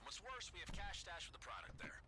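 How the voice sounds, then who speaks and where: An actor playing a male crime partner in a video game, who phones in a rushed, urgent way about a raid on their supply. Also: high-pitched, sing-song, pushed and bright, slight background noise, full character voice.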